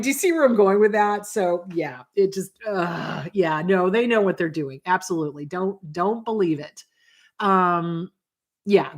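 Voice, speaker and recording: A woman therapist hosting her own show, talking casually and bluntly to viewers, often pausing to ask them whether they follow her point. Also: medium pitch. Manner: emphatic, blunt, repeats rhetorical questions to the audience; acts out quoted voices in passing. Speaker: therapist and host. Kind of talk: casual advice talk to viewers.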